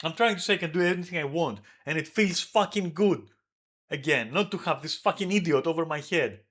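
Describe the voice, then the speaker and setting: Male streamer, high bright voice, angry profane venting. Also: a little fast. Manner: heated, profane, yelling at times. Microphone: desk microphone.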